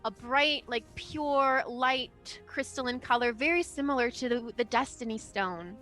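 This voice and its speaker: A woman's voice: a little high, a little slow, fairly bright tone, soft background music. A woman narrating as game master of a tabletop game, chatty and giggly with many fillers.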